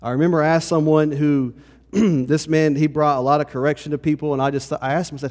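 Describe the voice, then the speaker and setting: A man's voice: on the high side, fairly even intonation, fairly quick, a little mellow. A pastor giving a conversational sermon to his congregation, often checking in with "okay?". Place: church hall. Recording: long reverb of a hall.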